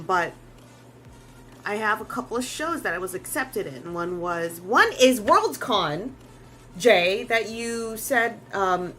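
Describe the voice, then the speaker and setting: A woman artist talks through a drawing stream at a middle pitch, loose and rambling. She restarts her sentences, drops in casual swears and never sounds scripted. A faint bed of room ambience sits under her voice. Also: fairly bright tone, a little hiss or hum. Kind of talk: casual live-stream chat.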